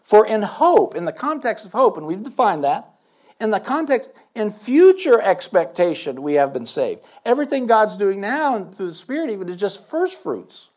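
A man's voice: sits high, big pitch swings, moderate pace, a little mellow. A man preaching a sermon, reading scripture aloud and breaking in with emphatic asides and questions to his listeners.

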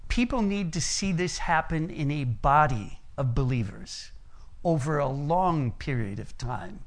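A man's voice: on the high side, animated, a little slow. A middle-aged American man preaching a sermon, telling personal stories in an earnest way. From United States. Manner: earnest storytelling, varies loudness and pace.

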